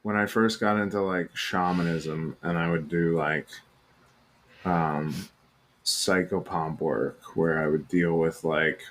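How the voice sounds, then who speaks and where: A man with a very deep voice, co-hosting a casual chat. He is dryly self-mocking and hesitant, stopping often to look for the right word. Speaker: podcast co-host.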